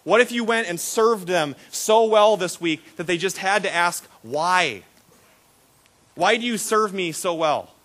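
A man preaching a sermon as a pastor, animated and repetitive when excited, acting out the voices in his stories. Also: high voice, measured pace. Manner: animated storytelling, acts out quoted voices; repeats words and restarts when excited.

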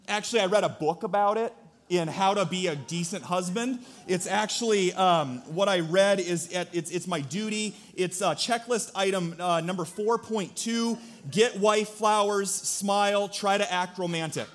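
A man's voice: high-pitched, normal speed, faint music behind. A young man preaching a sermon, joking and acting out little scenes as he tells a story. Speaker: pastor.

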